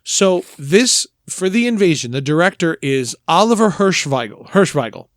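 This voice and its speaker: Animated man in casual film chat. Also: on the high side, moderate pace, no room sound, clean studio sound. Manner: animated, rambling, emphatic with restarts. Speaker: podcast co-host.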